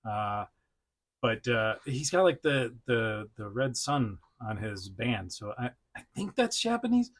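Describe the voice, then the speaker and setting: A man's voice: mid-range voice, very animated, measured pace. A man hosting a casual toy review vlog, rambling with lots of laughs and fillers, chatting to the action figure he is showing off. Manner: frequent fillers and self-restarts. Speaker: toy reviewer, channel host. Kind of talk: casual unscripted vlog chat.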